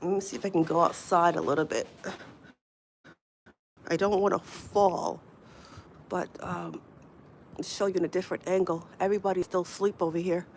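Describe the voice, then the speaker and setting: A woman's voice: on the low side, fairly even intonation, normal speed, creaky, pauses often. A middle-aged woman chatting casually on a livestream from outdoors in the snow, laughing often, with wind behind her. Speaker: livestream host. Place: outdoors in snowy weather. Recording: faint wind noise outdoors.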